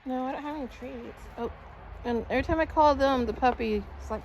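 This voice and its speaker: A woman vlogging casually outdoors in her backyard, cooing at her pets and turkeys in high baby talk. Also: a little fast, darkish tone, slight background noise. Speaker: backyard poultry keeper vlogger. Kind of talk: casual vlog chat.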